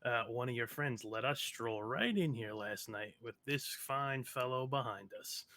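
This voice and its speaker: A man's voice: mid-range voice, a little slow, bright, forceful tone. A man playing a tabletop game, playful and rambling, tripping over his words. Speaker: player. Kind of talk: tabletop role-play.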